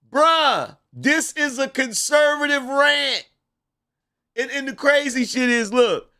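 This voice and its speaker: Slow, bright-voiced, laughing man reacting. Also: very high-pitched. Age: 40s to 50s. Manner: laughing a lot, slangy and loud. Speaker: commentary channel host reacting to a clip. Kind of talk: casual reaction commentary.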